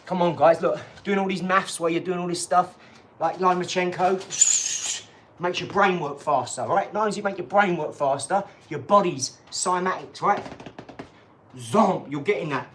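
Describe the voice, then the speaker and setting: A man's voice: high-pitched, normal speed, a bit bright, slight background noise. A man, hosting a live stream, chatting in a rambling, boastful way, laughing at himself and sliding into boxing tips. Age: 40s. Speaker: channel host.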